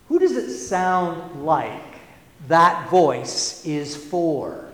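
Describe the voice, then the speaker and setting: A male preacher giving a sermon in a church, speaking slowly and deliberately, with emphatic repetitions and conversational asides to the congregation. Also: fairly high pitch, big pitch swings, fairly bright tone. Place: church sanctuary. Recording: roomy church with long reverb.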